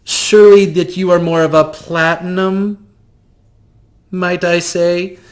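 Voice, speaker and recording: A man putting on a flamboyant, gushing high-voiced magician. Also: fairly even intonation, slow. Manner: gushing, theatrical, repeats himself. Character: flamboyant fussy male magical shopper.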